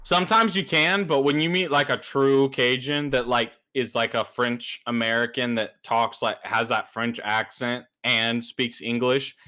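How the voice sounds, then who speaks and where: A man with a bright, forceful voice, co-hosting a casual podcast. He tells stories in an animated way and leaps up in pitch when he imitates others. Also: a little slow, few pauses. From New Mexico. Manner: animated storytelling, jumps high to mimic others. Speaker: podcast co-host. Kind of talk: casual chat.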